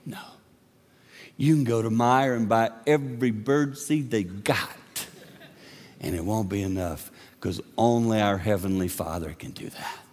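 A man preaching a sermon in an impassioned way, moving between booming lines and hushed asides. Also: measured pace, long reverb tail. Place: church sanctuary.

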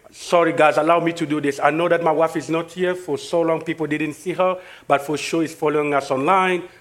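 A man with a French-speaking Congolese accent delivers a sermon in a high, bright-pitched voice. He preaches emphatically, building with repeated phrases into excited preaching. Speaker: pastor.

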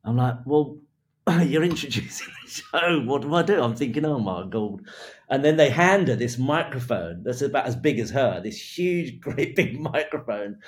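Man telling a lively story. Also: mid-range voice, moderate pace. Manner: lively storyteller, laughs between phrases, acts out quotes. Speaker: hairdressing creative director. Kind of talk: telling an anecdote in an interview.

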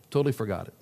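Man preaching a sermon in a reverberant hall. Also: dark tone. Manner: storytelling with chuckles, acting out quoted characters. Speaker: pastor.

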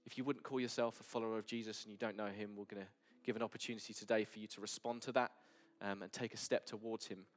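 Earnest low-voiced male preacher. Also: steady tone, quick pace, hardly any pauses, soft background music. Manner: earnest, drops to soft near-whispers. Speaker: pastor. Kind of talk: sermon. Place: church service.

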